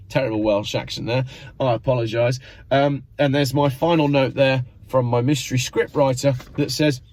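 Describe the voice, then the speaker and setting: A man's voice: mid-range voice, steady tone, normal speed, a little mellow, no echo. A man hosting his own channel, giving sarcastic, mock-exasperated commentary. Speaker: channel host.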